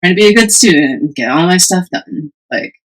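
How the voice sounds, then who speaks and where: A fairly low-pitched woman talks a little fast on a low-quality podcast recording where she's a co-host. Her casual storytelling is lively and personal, broken up by frequent laughs and acted-out quotes from others.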